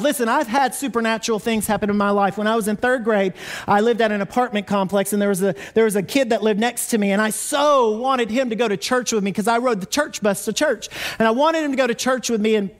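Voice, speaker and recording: Man pastor, high voice, animated storytelling sermon. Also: fairly quick. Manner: animated storytelling, acts out quotes. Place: church sanctuary.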